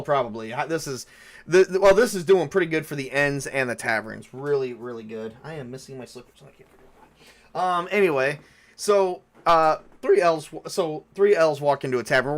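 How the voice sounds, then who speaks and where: A man's voice: fairly high pitch, fairly bright tone. A man running a tabletop game as game master, talking loosely with many fillers and restarts.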